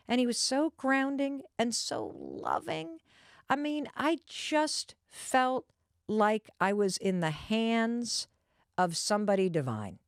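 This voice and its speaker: A woman host telling a personal story in a lively, animated, confiding way, talking straight to the listener. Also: fairly high pitch, unhurried, no room sound, clean studio sound.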